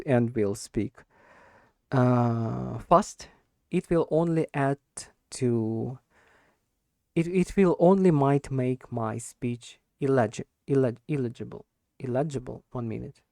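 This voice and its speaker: A man practicing spoken English in an unscripted monologue, talking slowly and hesitantly, repeating and restarting words as he searches for them. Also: medium pitch, creaky, mellow, no room sound, clean studio sound. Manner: deliberately slow with stressed words. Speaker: English learner recording speaking practice.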